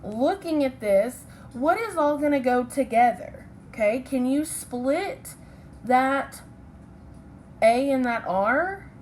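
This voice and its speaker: A woman with a high, lively voice teaches children a recorded phonics lesson, slowly and step by step, patiently checking in with "okay?" and "right?" and apologizing when she corrects her own slips. The audio is poor, with slight background noise.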